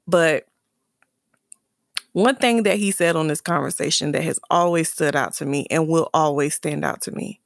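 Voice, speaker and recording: A woman's voice: low-pitched, normal speed, creaky, dry recording, studio quality. A woman candidly telling a personal story about her son and his father, earnest and emotional, often restarting and repeating phrases. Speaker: mother sharing a personal story.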